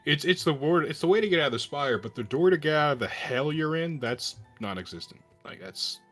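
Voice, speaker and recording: A man's voice: fairly high pitch, expressive, fairly quick, fairly bright tone. A man playing a tabletop role-playing game, chatting casually, laughing often and cutting himself off. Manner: laughing, self-interrupting, swears. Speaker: tabletop player. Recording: faint music behind.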